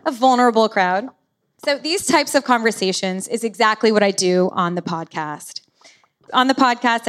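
A woman hosting a podcast while sick and hoarse, telling a personal story openly from the stage. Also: medium pitch, fairly bright tone. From United States. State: lost voice, sick. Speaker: podcast host. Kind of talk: podcast intro and live stage talk.

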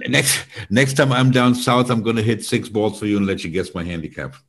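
A man hosting an interview, relaxed and brief, with some hesitant ums. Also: fairly low pitch, fairly quick. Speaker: podcast host. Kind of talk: casual interview chat.

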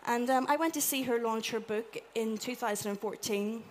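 A woman with an Irish accent giving a chatty, animated talk to a live audience, acting out little quotes as she goes. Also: on the high side, moderate pace, slight background noise. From Ireland. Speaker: conference speaker. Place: event room with an audience.

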